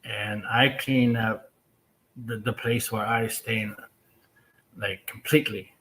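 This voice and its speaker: A man's voice: fairly low pitch, little pitch movement, a bit bright, a little hiss or hum, rough recording. A First Nations man, a guest on a talk show, earnestly and reflectively telling a personal story. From First Nations community. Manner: earnest, reflective, slow retelling.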